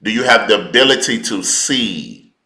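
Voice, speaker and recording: A man preaching a teaching sermon, slow and deliberate, repeating key words for emphasis in informal, colloquial speech. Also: on the low side, lively intonation, pushed and bright, echoey room, rough recording.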